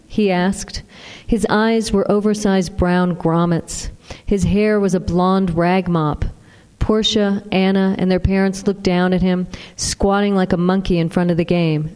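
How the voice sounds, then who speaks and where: Female audiobook narrator, lowish voice, steady reading, long reverb. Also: moderate pace, smooth.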